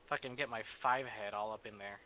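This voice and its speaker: A man streaming a visual novel, chatting casually with his chat, excitable and swearing often. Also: fairly low pitch, brisk, a little hiss or hum. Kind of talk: casual live-stream chat and game reading.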